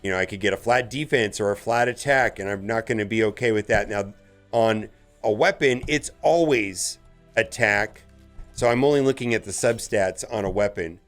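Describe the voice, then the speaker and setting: A man's voice: on the low side, normal speed, soft background music. Chatty man commenting on gameplay. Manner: chatty, gets loudly excited over good rolls. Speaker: gaming channel host.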